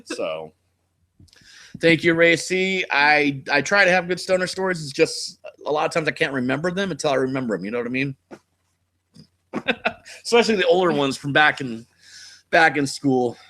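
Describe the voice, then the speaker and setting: A man's voice: fairly high pitch, animated, normal speed, pauses often, sharp tone. A man from California hosting a casual live stream, telling rambling stories and swearing a lot. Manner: rambling, laid-back storytelling with frequent swearing. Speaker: channel host. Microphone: desk mic.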